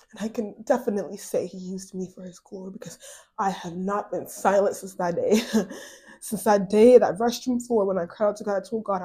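A woman's voice: medium pitch, mellow. Earnest woman sharing her faith story. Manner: casual, earnest, many fillers like "like". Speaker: podcast host. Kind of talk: personal faith testimony.

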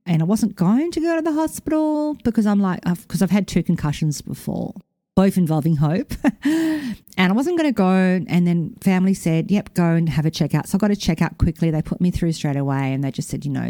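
A middle-aged woman tells a story on her podcast, chatty and animated, acting out what people said. Her voice sits low and mellow. The recording is dry and close. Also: dry recording. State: recovering from concussion. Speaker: podcast host. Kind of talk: casual storytelling monologue.

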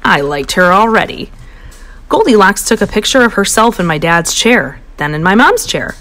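A woman narrating a children's storybook with a bouncy, playful delivery. Her pitch leaps high and dips low as she tells the tale, keeping it animated for young listeners. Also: moderate pace. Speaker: storybook reader.

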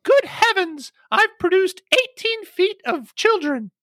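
A man doing a warbling, high-pitched older lady cook. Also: sing-song, takes it slowly, sharp tone, no room sound, clean studio sound, heavily acted. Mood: theatrical. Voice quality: unusual high fluting voice. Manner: exaggerated swooping delivery.

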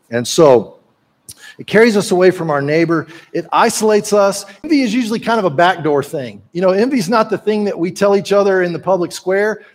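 A man delivers a sermon with a high, light voice. He preaches in a relaxed, folksy way, slipping into jokes and asides like he's chatting with the congregation. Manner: folksy, conversational preaching with joke-telling asides. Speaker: pastor.

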